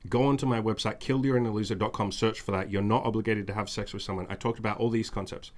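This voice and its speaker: A man's voice: on the low side, fairly even intonation, rapid-fire. A man hosting a podcast in casual chat, speaking bluntly with profanity and emphatic repetition. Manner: mimics whiny demands in a raised voice. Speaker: podcast host.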